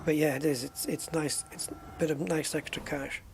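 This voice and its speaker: A man's voice: fairly high pitch, fairly even intonation, normal speed, creaky, noisy background. A man chatting casually while streaming a space game, joking and exclaiming at prices. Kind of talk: casual gameplay commentary.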